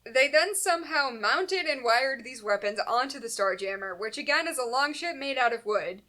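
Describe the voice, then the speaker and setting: A woman's voice: high voice, animated, moderate pace, bright, forceful tone. A woman co-hosting a comics podcast, reading plot recaps with dry, sarcastic asides and frequent laughter. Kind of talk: casual comedic recap, reads summary then riffs.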